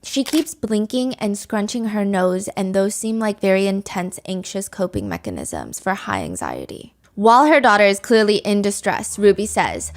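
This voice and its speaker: A woman's voice: mid-range voice, sing-song, moderate pace, few pauses. Candid, conversational woman podcast host. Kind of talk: true crime storytelling.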